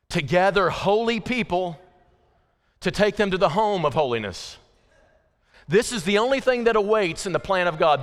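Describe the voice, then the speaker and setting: A man's voice: sits high, big-room sound. A man preaching a sermon to his congregation, urgent and emphatic, repeating phrases and speaking straight to the listeners. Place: church sanctuary.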